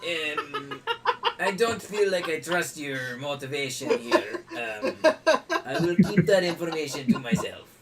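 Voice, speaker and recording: A man's voice: on the high side, expressive, a little slow, recorded from a distance, a crowd in the background. A man voicing a fussy male halfling innkeeper in a put-on mock French accent, polite and hesitant with many ums.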